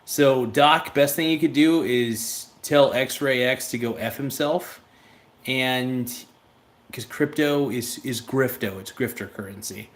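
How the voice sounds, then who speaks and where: Male stream host, mid-pitched, casual and rambling, blunt with chat. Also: slow. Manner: rambling, blunt, reads viewer chats aloud. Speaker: livestream host.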